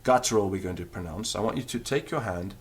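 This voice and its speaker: A man's voice: deep voice, fast, slightly rough. A man teaching a recorded beginner language lesson, explaining patiently and demonstrating the sounds aloud.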